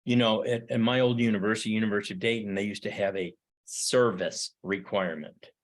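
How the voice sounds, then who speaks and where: A man's voice: fairly low pitch, steady tone, brisk. A middle-aged man teaching a history lesson, speaking emphatically and piling up rhetorical questions. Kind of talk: classroom lecture.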